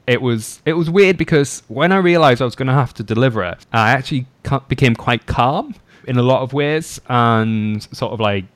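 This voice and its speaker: A man's voice: mid-range voice, moderate pace. A young man telling a story in casual podcast chat, rambling and laughing often as he acts out quoted voices. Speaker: podcast guest.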